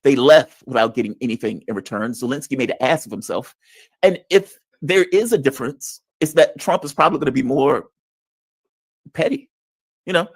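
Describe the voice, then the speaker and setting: A man's voice: mid-range voice, a little fast, husky, no echo. A man commenting on politics in a blunt, combative and mocking way. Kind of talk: heated political discussion.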